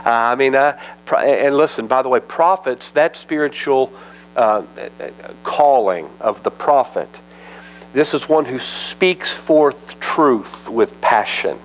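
A man's voice: mid-range voice, lively intonation, slow, a little hiss or hum, rough recording. A man pastor teaching a verse-by-verse Bible study in a conversational, folksy way, reading scripture aloud and acting out its dialogue. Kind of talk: expository sermon, Bible teaching.

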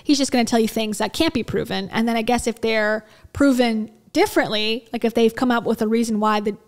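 A woman's voice: fairly high pitch, fairly even intonation, fairly quick. A woman hosting a casual commentary video, talking in a wry, sarcastic, chatty way with plenty of fillers.

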